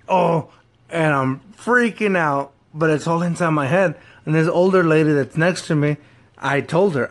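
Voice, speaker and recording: Excitable man telling a story. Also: on the high side, moderate pace. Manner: excitable storytelling with frequent restarts and laughs. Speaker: podcast co-host. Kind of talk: casual chat.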